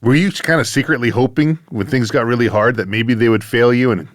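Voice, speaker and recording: A man's voice: mid-range voice, a little fast, dry recording, clean studio sound. A man hosting a podcast who asks curious questions and gives short, encouraging replies. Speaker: podcast host. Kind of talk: casual interview.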